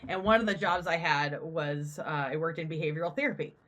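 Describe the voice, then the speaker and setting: A young woman co-hosting a podcast, telling a story in casual chat, swearing freely and acting out the people she quotes. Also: a little fast. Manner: animated, acts out quotes with big pitch jumps and swearing. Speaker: podcast co-host.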